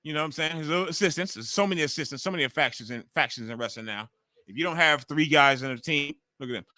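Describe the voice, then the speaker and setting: A middle-aged male stream host with a sharp, forceful tone, chatting loosely with his viewers and swearing freely. His voice sits a little high for a man. It sounds close and dry, with no room echo. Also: fast talker. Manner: loose, profane, talks straight to the chat. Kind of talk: casual watch-along chat with viewers.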